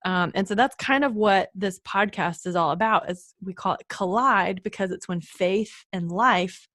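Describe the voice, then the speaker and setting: A young woman hosts a casual podcast interview, chatting and laughing easily. Her voice sits at an ordinary middle pitch. It is recorded close and dry, with no room sound. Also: moderate pace, fairly bright tone, no room sound. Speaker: podcast host.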